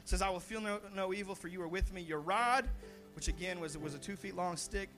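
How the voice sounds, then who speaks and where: Over music, a young pastor preaches a sermon in a high voice, a little fast. He is animated, often restarting and repeating words, and gets louder as he drives home his points.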